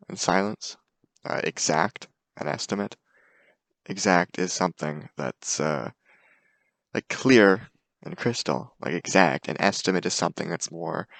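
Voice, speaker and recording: Low gravelly young man presenting. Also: a bit bright, no room sound. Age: young adult. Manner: casual, hesitant with many fillers. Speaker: student presenter. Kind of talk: class presentation.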